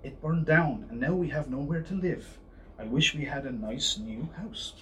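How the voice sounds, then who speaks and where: A small, worried mother mouse from a picture book, as a man reading aloud puts her on, squeaking high and anxious. The voice sits back from the mic, with a faint hiss behind it. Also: moderate pace, bright, forceful tone, distant mic, rough recording.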